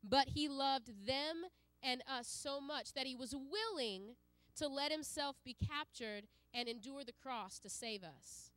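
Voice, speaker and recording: A woman's voice: high-pitched, a little slow, a bit bright, no echo. A woman giving an earnest sermon to a congregation, with frequent fillers and restarts. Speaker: preacher.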